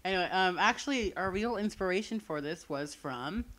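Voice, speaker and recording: A man's voice: high voice, lively intonation, normal speed, bright, forceful tone. A man chatting casually in a fan commentary, teasing and rambling with lots of filler words. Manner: joking, teasing, rambling with many "like"s. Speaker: co-host of fan series commentary.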